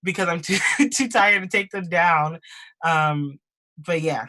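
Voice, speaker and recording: A woman's voice: on the low side, a little slow, background noise. A woman in her twenties, a singer-songwriter, chatting casually from her bedroom over a video call, laughing often and restarting her sentences. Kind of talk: casual chat and acoustic singing. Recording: guitar music behind the singing.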